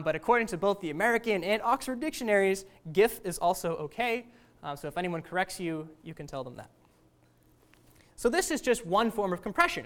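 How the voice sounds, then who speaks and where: A woman's voice: mid-range voice, a bit bright. A woman teaching a class in a casual, conversational lecture, often asking the students questions.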